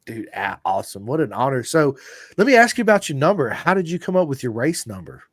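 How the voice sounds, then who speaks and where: A man's voice: medium pitch, big pitch swings, quick pace, no room sound, studio quality. An American man hosting a podcast interview, chatting casually and enthusiastically and calling his guest dude and bro. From United States. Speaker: podcast host.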